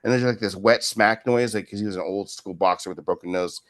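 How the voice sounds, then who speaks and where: A man's voice: on the low side, fast talker. A man in his fifties, a martial arts instructor telling long, rambling stories in an interview and often adding "right?" to what he says. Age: 50s. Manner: rambling, with frequent "right?" tag questions. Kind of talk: casual storytelling in an interview.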